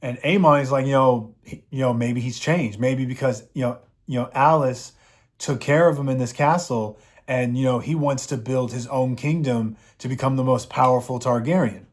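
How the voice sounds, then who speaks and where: A man's voice: mid-range voice, fairly even intonation, moderate pace. A man giving a casual, rambling episode recap, with frequent fillers. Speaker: show reviewer.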